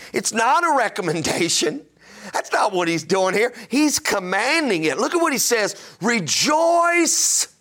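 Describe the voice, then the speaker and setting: A man's voice: high-pitched, fairly bright tone. A middle-aged man preaching a sermon, emphatic and full of rhetorical questions. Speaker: pastor.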